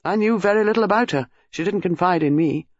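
A man's voice: sits high, quick pace, no echo, lo-fi sound, pitched above the performer's own voice. A man voicing a charming young tennis pro who speaks in a careless, offhand way.

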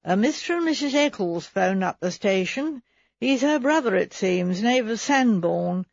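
A woman's voice: medium pitch, lively intonation, measured pace, creaky, a little mellow, no room sound. A woman voicing a plain-spoken male village police sergeant with a homely, apologetic, colloquial manner. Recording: slightly dull recording.

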